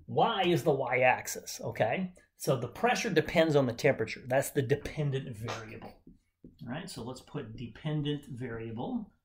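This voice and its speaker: A male chemistry teacher working through a whiteboard lesson. His voice swings up and down with animated energy, middling in pitch, and he jokes and cheers along the way. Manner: enthusiastic, jokey, talks to students directly. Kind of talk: whiteboard lecture.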